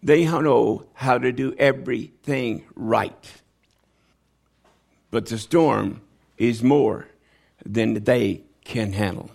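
A man preaches a sermon slowly, with vocal fry and long pauses. He drops low and quiet, then rises into loud, high pleading as he acts out the voices of people in the story.

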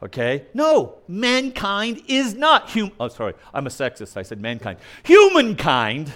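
Male preacher, high voice, very lively pitch, emphatic, argumentative sermon. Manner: emphatic, argumentative, mimics opponents' objections; swings between loud punchy lines and quiet asides.

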